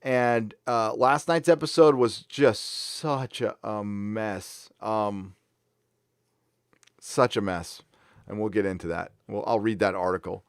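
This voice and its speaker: A man's voice: fairly low pitch, takes it slowly, smooth, no room sound, clean studio sound. Rambling, offhand male live-stream host. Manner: rambling, offhand, laughs easily, frequent fillers and restarts. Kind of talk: casual live stream chat reading viewer comments.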